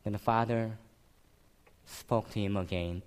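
Male pastor, sermon, slow deliberate delivery, emotional repetition. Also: mid-range voice.

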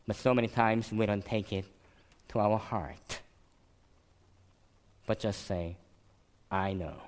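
Male pastor, sermon, slow deliberate delivery, emotional repetition. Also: mid-range voice.

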